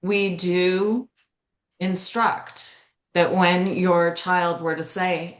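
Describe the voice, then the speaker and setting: A middle-aged woman with a fairly low, steady voice speaks slowly in an interview, earnestly sharing personal stories as a mental health educator. She picks up speed on key points, and the room gives the recording a noticeable echo.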